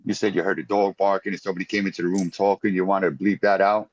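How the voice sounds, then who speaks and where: A man's voice: deep voice, flat delivery, fast talker, dry recording. A man joins as a listener guest on a video call, telling stories animatedly and laughing. The call audio is dry and dull. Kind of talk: casual chat.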